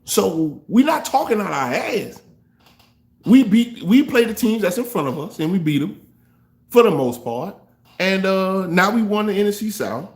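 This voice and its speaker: A man hosting a fan reaction show, trash-talking rival fans in a loose, animated way. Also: high voice, unhurried. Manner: trash-talking, animated, African American Vernacular English grammar. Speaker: sports fan show host.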